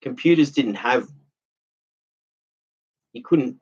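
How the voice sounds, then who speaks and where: A man's voice: mid-range voice, lively intonation, slow pace, breathy edge. A man, talking in a rambling, aggrieved monologue that circles back and repeats itself. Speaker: vlogger. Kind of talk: casual monologue. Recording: dull lo-fi audio.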